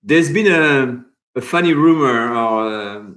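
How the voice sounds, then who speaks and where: A man's voice: medium pitch, expressive, unhurried, fairly bright tone. A man from France with a French accent, hosting a cooking channel live stream in casual chat, reading out and answering viewer comments. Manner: chatty, reads viewer comments aloud and answers them.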